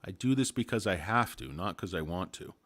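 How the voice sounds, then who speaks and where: A man's voice: low-pitched, expressive, brisk, a bit bright. A man hosting a casual live stream on stocks, rambling through his points, making crude jokes and greeting chat viewers by name. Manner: rambling, crude joking asides. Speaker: stock market livestream host.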